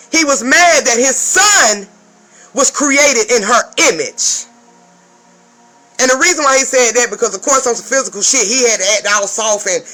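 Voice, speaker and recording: Very high, sharp-voiced woman ranting. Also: rough recording. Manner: profane, emphatic, keeps checking in with "okay?". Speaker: spiritual advisor. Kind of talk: casual vlog rant.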